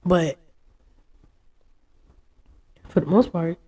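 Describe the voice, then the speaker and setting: A low, husky woman's voice, mellow and dark in tone. She tells her story frankly and with animation, acting out quotes in a casual interview. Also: normal speed. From United States.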